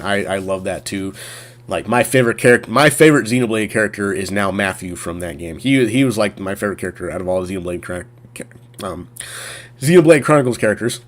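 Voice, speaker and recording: A man who streams games, chatting casually on camera and rambling with many fillers and restarts. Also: fairly low pitch. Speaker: gaming streamer. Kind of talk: casual chat.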